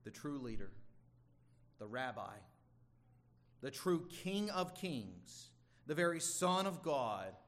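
A man's voice: medium pitch, very animated, takes it slowly, pauses often, fairly bright tone. A man preaching a sermon in an earnest, emphatic way, with the odd stumble and restart. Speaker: pastor.

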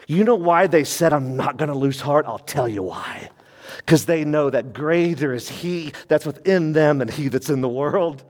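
A man preaching a sermon, animated and full of questions to the congregation, with sudden drops into low, quiet warnings. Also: normal speed. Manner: animated, swings between loud emphasis and quiet low warnings; asks the congregation questions and answers them. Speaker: pastor. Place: church sanctuary. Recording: long reverb of a church hall.

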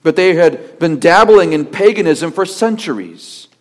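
Guy pastor with a pretty high voice giving a sermon, emphatic, lots of repeating. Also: animated, measured pace. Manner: emphatic preaching with rhetorical questions and repetition.

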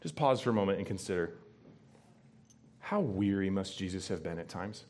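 A man's voice: low voice, moderate pace. Emphatic male pastor preaching a sermon. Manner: animated, emphatic, asks the congregation questions. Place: church before a congregation.

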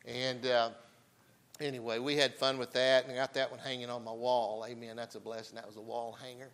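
Older man, mid pitch, bright tone; folksy storytelling preacher, peppers with "amen.". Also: level tone, brisk, low-quality recording. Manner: folksy, chatty, frequent amens.

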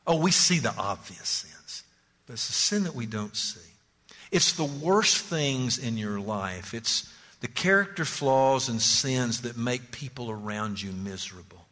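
A male pastor preaching with a lively, swooping delivery and a bright, forceful tone. He presses his points with urgent repetitions, and his voice rolls out into a long church-hall reverb. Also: mid-range voice, measured pace. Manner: animated, pleading, emphatic repetitions. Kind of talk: sermon.

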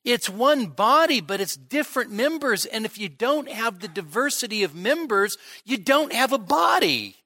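Middle-aged pastor preaching, high bright voice, slow and emphatic, repeats himself. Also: male voice, big pitch swings, dry recording, studio quality. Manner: emphatic, repeats words while building a point. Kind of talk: expository sermon. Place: church midweek service.

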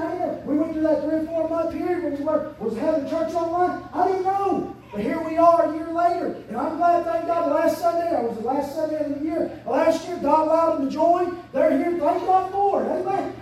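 A man preaching a fervent sermon as pastor, swinging from quiet asides up to loud shouts. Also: slight background noise. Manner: fervent preaching, surging to shouts and dropping low. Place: church sanctuary. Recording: very echoey church sanctuary, mic at a distance.

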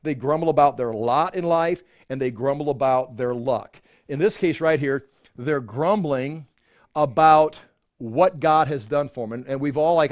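A man's voice: a little high, normal speed, no echo, clean studio sound. Chatty man teaching a Bible study. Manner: conversational, with frequent restarts and chuckles. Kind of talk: informal Bible teaching to a small group.

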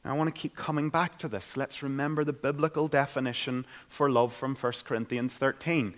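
A man's voice: mid-range voice, steady tone, fairly quick. Northern irish guy giving a sermon in church, earnest, chatty, medium voice. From Northern Ireland. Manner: earnest, conversational preaching. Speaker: pastor.

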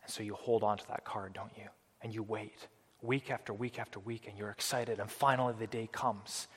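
A man's voice: lowish voice, fairly even intonation, fairly quick, fairly bright tone, slightly rough, in a large hall. A man pastor delivering an earnest sermon, his voice rising and falling with emphasis as he explains scripture.

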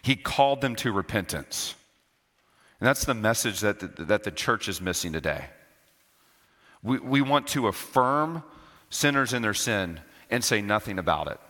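A male pastor preaching with a lower pitch and a bright, forceful edge. He hammers key phrases by repeating them and drops from loud to low for weight. The sound trails off in the long reverb of a church hall. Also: animated, moderate pace. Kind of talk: sermon. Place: church sanctuary.

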